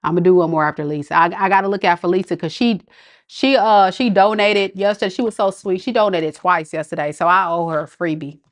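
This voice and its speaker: A woman's voice: mid-range voice, fast talker. Chatty woman giving a live tarot reading. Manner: chatty, affectionate, laughs often. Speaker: tarot reader.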